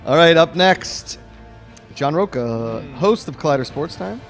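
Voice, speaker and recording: A man's voice: on the high side, animated, a little slow, faint music behind. A man hosting a fantasy football draft, announcing picks and joking with the players. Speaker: draft host. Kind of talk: lively draft emceeing.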